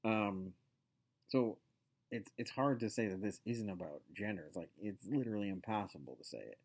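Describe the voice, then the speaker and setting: A man's voice: fairly low pitch, moderate pace, a little mellow, slightly rough. A man hosting a casual show, talking through a sitcom episode in a loose, rambling way full of fillers and asides. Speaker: podcast host.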